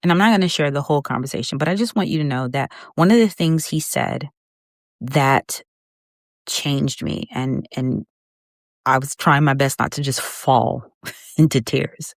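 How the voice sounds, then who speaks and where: Middle-aged woman, low voice, heartfelt podcast talk, fighting back tears, dry close mic. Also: normal speed, dry recording. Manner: heartfelt, conversational, addresses listener as friend. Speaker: podcast host. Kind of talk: faith-based podcast monologue.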